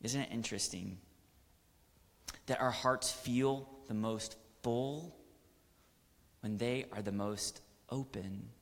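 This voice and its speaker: A man's voice: mid-range voice, takes it slowly, long pauses. Male pastor, 30s, sermon with swelling emphatic peaks, long hall reverb. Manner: preaching with rising, emphatic bursts.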